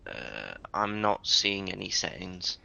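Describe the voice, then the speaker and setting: Low, bright-toned guy, blunt replies. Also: fairly even intonation, a little slow, gravelly, no echo. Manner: short, blunt questions and replies. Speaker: friend playing along. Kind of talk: casual chat.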